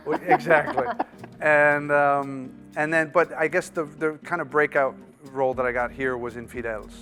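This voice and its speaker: A man, an actor, talking casually as a studio guest, relaxed and self-deprecating with stammered restarts. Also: a little high, moderate pace, faint music behind. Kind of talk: casual interview chat.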